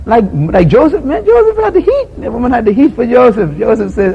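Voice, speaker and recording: Animated man preaching a sermon. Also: very high voice, a little fast, vocal fry, lo-fi sound, slight background noise. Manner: animated storytelling, acts out scenes and quotes; chuckles often while making points. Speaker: preacher teaching on love.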